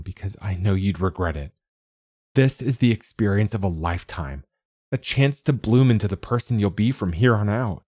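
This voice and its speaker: A man's voice: lowish voice, darkish tone, dry recording, clean studio sound. A man voicing a loving father in an audiobook, earnest and reassuring as he comforts his daughter.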